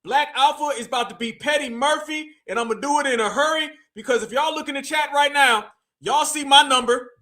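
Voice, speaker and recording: A man hosting a live commentary stream, talking in an animated, mocking, preachy way and sometimes shouting. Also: extremely high pitch, fairly quick, hardly any pauses. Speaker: livestream host.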